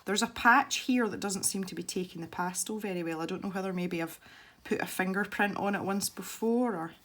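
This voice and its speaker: A Scottish woman chats casually as she colours, demonstrating an art technique for her channel. Her medium-pitched voice is brisk and a touch bright, and she rambles and laughs easily.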